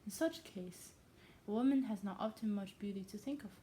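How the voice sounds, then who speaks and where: A woman's voice: mid-range voice, moderate pace, warm tone, a little hiss or hum, lightly acted. A woman who is not a native English speaker voicing a dry, weary middle-aged husband who teases his wife.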